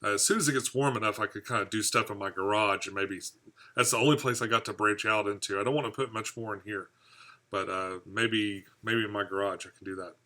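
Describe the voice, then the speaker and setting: On his fishkeeping channel's live stream, a man with a lowish voice talks quickly in a steady tone that sounds pushed and bright. He reads comments from viewers aloud, chats easily and ramblingly, and chuckles at his own jokes.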